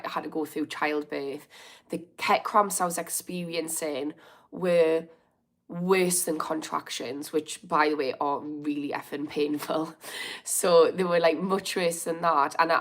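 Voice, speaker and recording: A woman's voice: low-pitched, fairly bright tone. A middle-aged woman, chatting candidly on a livestream about recovery and reading out comments, sounding a bit unwell. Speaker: livestream host in addiction recovery. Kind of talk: casual livestream chat.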